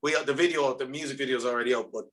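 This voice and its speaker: Irish man, podcast guest, bright forceful voice, animated rambling storyteller, video call with earphones. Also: medium pitch, very fast. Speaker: guest, lead singer of a band. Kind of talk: casual podcast chat.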